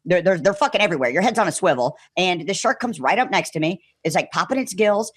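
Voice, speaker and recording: Animated, dry-sounding male storyteller. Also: high voice, fast, husky, no echo. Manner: animated, full of "like" and acted-out quotes. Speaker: podcast guest. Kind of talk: casual storytelling on a podcast.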